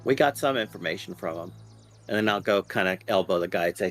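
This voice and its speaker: A man's voice: deep voice, fast, soft background music. A man playing a tabletop game, talking in a playful way. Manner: playful, animated. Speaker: player.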